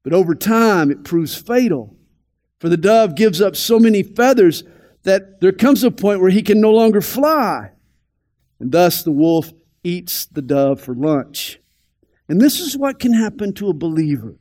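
A man preaching a radio sermon, deliberate and emphatic, slowing down to stress key phrases. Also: high voice, very animated, darkish tone. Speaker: pastor.

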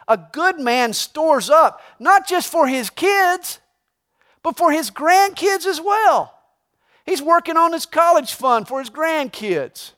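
A man preaching a sermon as a pastor, emphatic, swinging between loud stresses and hushed asides. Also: very high voice.

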